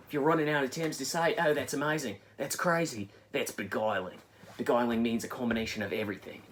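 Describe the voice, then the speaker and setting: A man's voice: lowish voice, fairly bright tone, a little hiss or hum. A young man with an Australian accent, delivering a boastful, crude comedic vlog monologue. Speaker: YouTuber.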